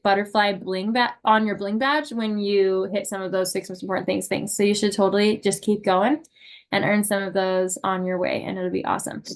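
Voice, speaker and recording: A young woman leading a team meeting on a video call, giving an upbeat, emotional pep talk full of fillers. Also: mid-range voice. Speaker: sales unit leader.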